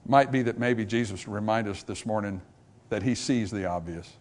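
At a moderate pace, a man delivers a church revival sermon to the congregation, rising to loud peaks and dropping to low, quiet stretches while voicing short dialogues between characters.

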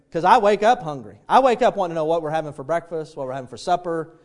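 A man's voice: fairly high pitch, lively intonation, fast talker. A middle-aged man preaching a sermon, telling homely stories and acting out the voices in them. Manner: folksy storytelling, acts out quoted voices. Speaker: pastor.

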